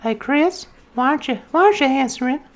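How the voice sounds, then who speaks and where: A squeaky, trembling old cartoon pervert who wheedles and coaxes. the thin, shaky voice, pitched far above his own. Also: expressive, fast talker. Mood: wheedling.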